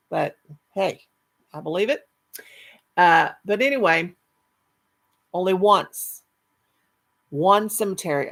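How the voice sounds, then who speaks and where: Gravelly-voiced woman chatting on a live stream. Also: fairly low pitch, a bit bright. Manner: chatty, affectionate, rambling with restarts. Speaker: channel host reading live chat. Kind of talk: casual live-stream chat.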